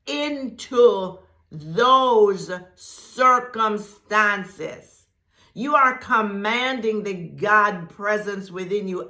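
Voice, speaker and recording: Slow, emphatic woman in an echoey room. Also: on the high side, sharp tone. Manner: deliberate, repeats phrases for emphasis, laughs often. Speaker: spiritual teacher and channel host. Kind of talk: slow, emphatic spiritual talk to camera.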